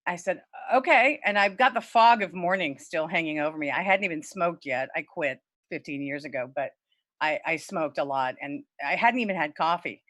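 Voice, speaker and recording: A middle-aged woman from Louisiana telling a true personal story at a story slam over a video call, candid and swearing freely, her voice leaping high when she quotes herself. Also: moderate pace, a bit bright, no echo. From Lafayette, Louisiana. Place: home, virtual event.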